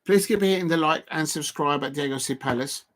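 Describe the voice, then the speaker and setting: A middle-aged man, chatting excitedly over a live football match on his stream and reading out comments from the chat. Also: fairly high pitch, brisk. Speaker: football watch-along streamer. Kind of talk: live watch-along commentary.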